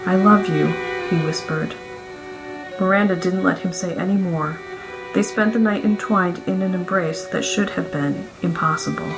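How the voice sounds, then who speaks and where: A woman's voice: on the low side, moderate pace, loud music behind the voice, low-quality recording. Woman narrating a romance audiobook. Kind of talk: scripted narration of a romance story.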